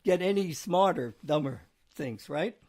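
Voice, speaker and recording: A man's voice: a little high, expressive, a little slow, a little mellow. A man hosting a casual studio chat show, rambling and chuckling as he reads out jokes. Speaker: show host.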